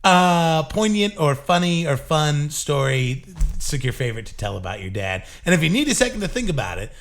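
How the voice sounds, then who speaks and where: Lively gravelly male podcast host. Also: on the high side. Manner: jokey, quick quips, trails off with fillers. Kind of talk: casual interview chat.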